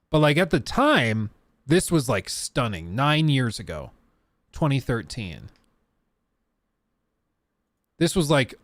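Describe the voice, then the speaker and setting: A man giving casual livestream commentary on a game demo, animated and joking with laughing asides. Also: medium pitch, no echo. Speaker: streamer reacting to a game demo.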